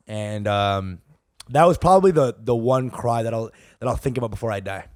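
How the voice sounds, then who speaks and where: A young man, a podcast co-host, telling a story in an animated, profane way and laughing as he goes. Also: mid-range voice, moderate pace, dry recording, studio quality. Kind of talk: comedic storytelling.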